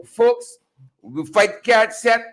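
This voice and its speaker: Man, middle-aged, high-voiced stream host, repetitive and playful. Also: expressive, slow pace, very noisy. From Guyana. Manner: repetitive, playful catchphrases and chants. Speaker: livestream host. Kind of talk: energetic livestream hype talk.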